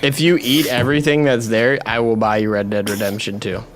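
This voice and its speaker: A man's voice: mid-range voice, fairly even intonation, fairly quick, slight background noise. A man hosting a livestream, bossy and profane as he gives orders. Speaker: livestream host. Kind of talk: livestream chat.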